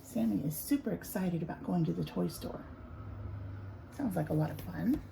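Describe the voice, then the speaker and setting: A woman who teaches preschool, leading circle time with young children in a slow, encouraging singsong. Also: lowish voice, creaky, warm tone, a little hiss or hum, low-quality recording.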